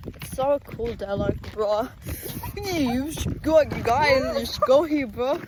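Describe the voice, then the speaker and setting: A woman's voice: sits high, takes it slowly, background noise. A young woman vlogging in casual chat outdoors, giggly and slangy, swearing often. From Philippines. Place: outdoors on a big rural property.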